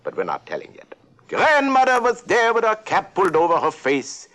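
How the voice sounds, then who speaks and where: The actor's high-pitched, slightly bright voice is exaggerated, with huge pitch swings at a moderate pace. Playing an eccentric old male duck professor, he tells a storybook tale for a talking toy in a playful, giggly, rambling, self-correcting way.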